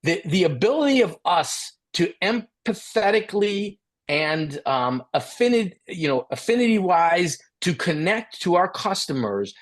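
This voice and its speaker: A man's voice: sits high, measured pace, hardly any pauses. Middle-aged male expert speaker; storyteller who animates his characters' lines. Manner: animated, acts out dialogue. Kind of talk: storytelling talk.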